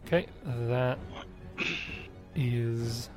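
A man runs a tabletop game over voice chat, calling out turns and saving throws in brisk, matter-of-fact bursts. His pitch is average for a man, and faint music plays behind him. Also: mellow. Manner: brisk, procedural, many short okays. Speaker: game master.

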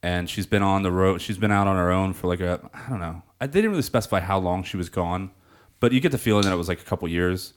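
A man's voice: low voice, fast talker, smooth. A man co-hosting a podcast, talking casually and rambling with frequent laughs. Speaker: podcast co-host. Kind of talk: casual chat.

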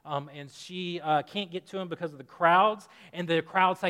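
A man's voice: high voice, normal speed, few pauses, pushed and bright, clean tone. A man preaching a conversational sermon, acting out quotes with rising emphasis. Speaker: pastor. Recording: long hall reverb.

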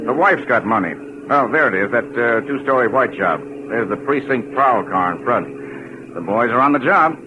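An actor in a 1940s radio drama playing a brisk, businesslike police lieutenant. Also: male voice, mid-range voice, animated, lightly acted. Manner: curt, businesslike. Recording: muffled old radio recording with faint hiss.

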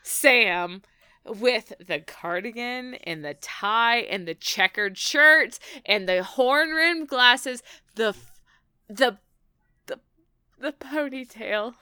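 A woman chatting about a TV episode, excitable and swearing as she laughs through her recap. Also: on the high side, slow pace, clear, resonant tone, dry recording, studio quality. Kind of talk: casual chat recapping a TV episode.

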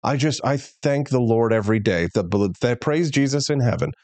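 A man's voice: mid-range voice, moderate pace, darkish tone, no echo. A man hosting a political talk show, speaking candidly and emphatically. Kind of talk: casual political commentary.

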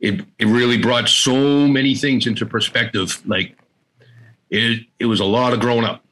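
A middle-aged man as an interview guest, candidly telling a personal story in a halting way, often repeating words and quoting family members. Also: mid-range voice, fairly even intonation, a bit bright, rough recording.

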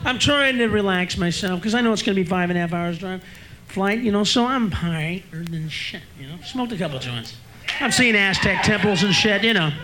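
A male stand-up comedian telling a profane story, breaking into shouted rants. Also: high-pitched, expressive, brisk, slight background noise. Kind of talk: stand-up routine. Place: comedy club stage. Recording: live club recording with audience laughter.

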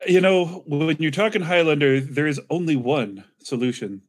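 A man's voice: on the high side, moderate pace. A man co-hosting a podcast, bantering in a friendly, enthusiastic way. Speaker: podcast co-host. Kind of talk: casual podcast chat.

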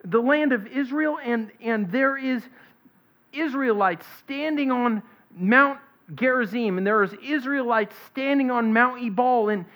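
A woman preaching an expository sermon, reading scripture aloud and stressing its points in a deliberate way. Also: a little high. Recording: dull lo-fi recording.

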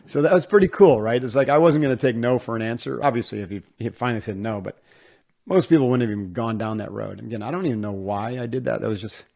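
A man from upstate New York, a guest in an interview, telling a story in a casual, animated way and acting out the voices of the people he quotes. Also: lowish voice, fast, vocal fry. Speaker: interview guest, former Navy SEAL.

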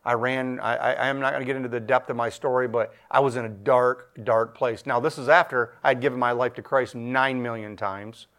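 A man's voice: medium pitch, fairly even intonation, a little fast, few pauses, fairly bright tone. A middle-aged man giving a testimony at church in a sermon style, emphatic, repeating himself, his voice swelling and dropping.

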